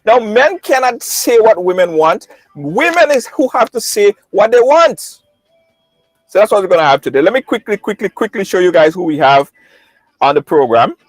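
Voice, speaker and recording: A man hosting a live online talk show, lively and repetitive, greeting viewers by name. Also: high voice, moderate pace, no room sound, faint music behind, rough recording. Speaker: host.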